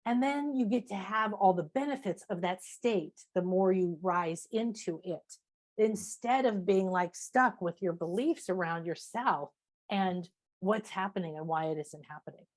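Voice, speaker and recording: A woman spiritual teacher and author, a guest talking in a casual interview, animated and emphatic, repeating phrases and acting out people's inner voices. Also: medium pitch, measured pace. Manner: animated, acts out inner voices and self-talk.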